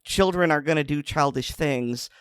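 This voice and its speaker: A man's voice: a little high, moderate pace, a bit bright, clear, resonant tone, dry recording, studio quality. A man co-hosting a podcast, retelling a news story in a casual, sardonic way. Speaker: podcast co-host. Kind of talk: casual chat.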